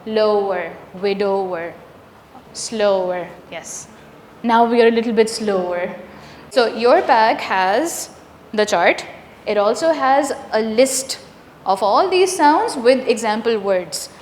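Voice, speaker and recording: A woman runs a teacher workshop, sounding out each sound patiently and quizzing the room. Her voice sits a little high. The recording rings with the echo of a big hall, with faint ambience underneath. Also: animated, slow, a little hiss or hum. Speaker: workshop trainer. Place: large echoey hall.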